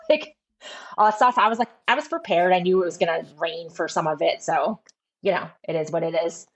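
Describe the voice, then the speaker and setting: A woman's voice: on the low side, brisk, fairly bright tone. A woman telling a running story in casual chat, full of fillers. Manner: chatty storytelling with many fillers. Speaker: guest runner. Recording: dull lo-fi sound.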